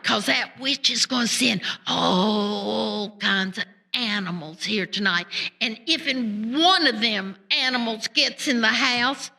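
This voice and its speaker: A woman's voice: on the high side, sharp tone, heavily acted. A woman storyteller voicing an enchanted talking cat, a woman under a witch's spell, speaking in a hesitant country way. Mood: anxious. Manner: hesitant, plain country talk. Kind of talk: folk tale storytelling.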